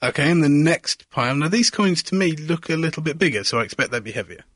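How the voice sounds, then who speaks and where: A man's voice: fairly high pitch, lively intonation, fast talker, a bit bright, breathy edge, no echo. Man, science show presenter, curious questioning, dry close sound. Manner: curious, asks leading questions, narrates each step. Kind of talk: hands-on science demonstration chat.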